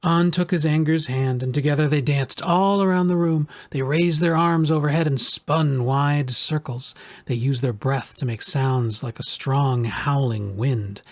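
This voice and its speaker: A man reading a children's storybook aloud in a calm, measured way. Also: medium pitch, no echo. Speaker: narrator.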